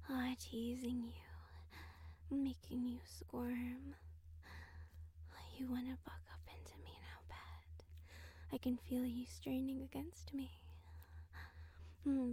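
A woman voicing a domineering royal temptress with a tail, in a whispered role-play, giving slow hypnotic commands in a breathy whisper close to the mic. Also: fairly high pitch, warm tone, dry recording, heavily acted. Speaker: audio role-play performer.

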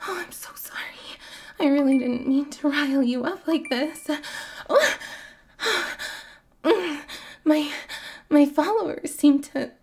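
Young woman, whispered role-play, high voice, very slow, soft breathy murmurs.

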